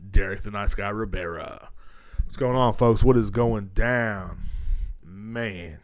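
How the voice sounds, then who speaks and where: A man hosting his own podcast, rambling and joking with heavy profanity, recorded at home. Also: medium pitch. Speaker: podcast host. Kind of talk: casual comedic rant. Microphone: studio headphones and mic.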